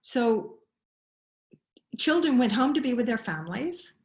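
A middle-aged woman explaining child attachment in an interview, thoughtful, pausing and restarting her sentences often. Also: on the high side, big pitch swings. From Scotland. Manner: thoughtful, many restarts and pauses. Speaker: guest expert on child attachment. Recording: roomy echo.

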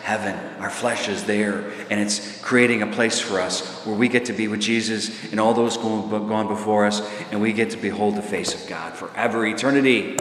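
A priest preaching a sermon to his congregation. His delivery is lively, rising into emphatic runs, with filler uhs between thoughts. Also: on the low side, normal speed, hardly any pauses, a little hiss or hum. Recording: echoey church hall, faint ambience.

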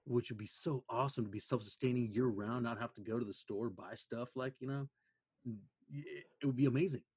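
An eager male interviewer keeps the chat loose and agrees readily with his guest. His voice is somewhat husky and sits at an ordinary pitch. The sound is close and dry. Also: fairly quick, a little mellow, dry recording. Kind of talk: casual conversation.

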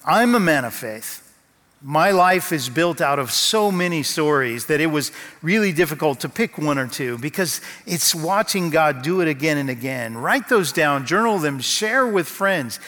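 A man's voice: a little high, lively intonation, pushed and bright. Preaching man in a reverberant hall. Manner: storytelling, slow dramatic pauses. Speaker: pastor. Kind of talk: sermon.

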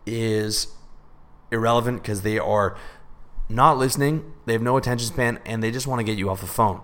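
A man giving a casual spoken lesson on sales pitching, talking bluntly and conversationally and swearing freely. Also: a bit bright. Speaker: sales and self-improvement coach.

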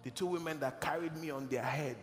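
A man from Nigeria preaching, telling a personal testimony as an emotional, animated storyteller in a large church hall. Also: on the high side, brisk. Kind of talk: sermon storytelling. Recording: echoey hall with music.

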